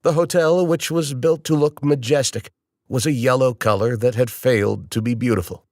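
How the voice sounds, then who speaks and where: A man reading a novel aloud in the first person, in a measured, wry storytelling manner. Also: medium pitch, darkish tone, no room sound, studio quality. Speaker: audiobook narrator. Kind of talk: scripted first-person narration.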